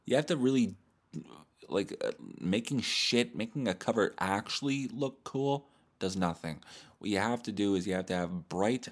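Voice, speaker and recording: A man hosting a podcast, rambling through a crude, profane comedic monologue in a deadpan, mock-serious way. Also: low-pitched. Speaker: podcast host.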